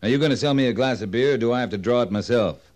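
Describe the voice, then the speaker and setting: An actor playing a plain-spoken cavalry captain, blunt and mildly exasperated. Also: male voice, mid-range voice, racing, darkish tone, natural voice. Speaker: army captain. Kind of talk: vintage TV western drama.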